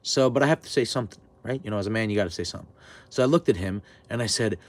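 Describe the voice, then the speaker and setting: Young man, twenties, swearing rant, lowish voice, heated storytelling. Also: very fast. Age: 20s. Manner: profane, heated, animated storytelling. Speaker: vlogger. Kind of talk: ranting storytime.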